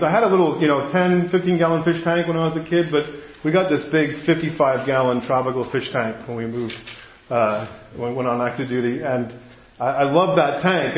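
A middle-aged man preaching a sermon, telling a family story in a relaxed, conversational way with frequent asides and restarts. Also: medium pitch, a little hiss or hum. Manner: conversational, anecdotal, self-interrupting with asides. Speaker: pastor. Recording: roomy, slightly dull sound.

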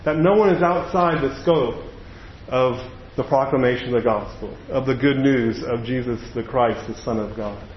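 Storytelling pastor in an echoey church. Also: male voice, medium pitch, normal speed, a little hiss or hum. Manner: conversational storytelling preaching. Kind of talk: sermon. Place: church sanctuary. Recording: echoey dull room recording.

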